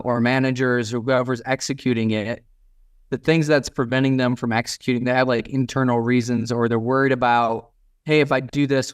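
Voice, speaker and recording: Male podcast host, blunt and casual, smooth clear voice, dry close sound. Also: medium pitch, no echo. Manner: blunt, swears casually, quotes people in little acted lines. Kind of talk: casual business interview.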